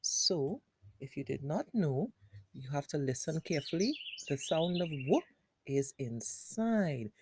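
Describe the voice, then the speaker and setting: A woman's voice: low-pitched, expressive, unhurried, noisy background. A woman teaching phonics to young children, patiently repeating sounds and words and asking the child questions.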